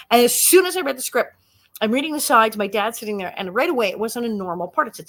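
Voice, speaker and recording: A woman in her sixties, a guest actress, telling lively anecdotes in a casual interview and laughing often. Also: a little high, quick pace.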